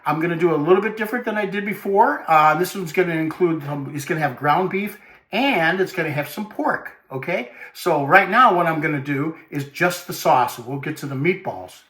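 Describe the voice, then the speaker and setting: A chatty man, hosting a cooking demonstration in his home kitchen with lively exclamations. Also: fairly high pitch, normal speed, roomy sound. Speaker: cooking show host.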